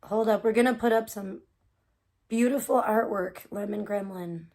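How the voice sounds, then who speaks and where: A woman with a mid-range, darkish voice and moderate pace hosts a casual livestream from a room at home with cats. Her chat rambles, full of fillers and restarts.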